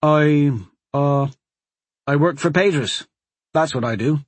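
A man's voice: a little high, takes it slowly, no echo. A man voicing an earnest, hesitant young servant boy in a fantasy audiobook.

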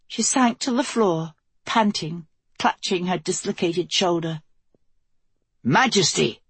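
Husky low-voiced woman narrating. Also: no room sound. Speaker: audiobook narrator. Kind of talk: scripted fantasy narration.

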